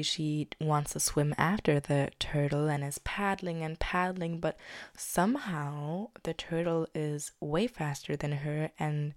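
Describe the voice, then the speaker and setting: A young woman with a low, deep voice hosts her own podcast and retells a story in a loose, chatty way. She leans on fillers like "like" and "basically" and now and then sinks into a soft whisper. The recording is dry, with no room sound. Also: dry recording. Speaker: podcast host. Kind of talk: casual spoken storytelling. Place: living in Germany.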